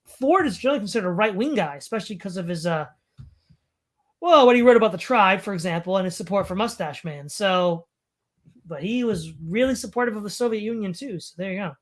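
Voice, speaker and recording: A stream host with a mid-pitched voice, reading long passages aloud from a home mic. The reading is broken up by sarcastic commentary and asides. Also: lively intonation, brisk.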